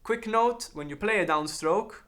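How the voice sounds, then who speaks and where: Man teaching drum rudiments, brisk and clear. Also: high voice, noisy background. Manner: explanatory, counts beats aloud while playing. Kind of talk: instructional lesson with counting.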